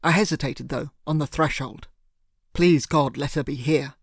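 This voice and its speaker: A man narrating a first-person thriller audiobook in a steady, earnest way. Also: fairly high pitch, normal speed, no echo, studio quality.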